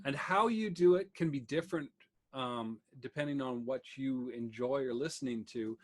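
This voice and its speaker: A man casually explaining a bluegrass singing lesson, talking quickly with many ums over guitar. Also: mid-range voice. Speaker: music teacher. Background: guitar playing.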